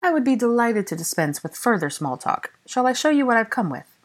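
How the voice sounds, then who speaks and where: A woman's voice: a little high, sing-song, fairly quick, pitched above the performer's own voice. A woman playing a haughty, evasive witch.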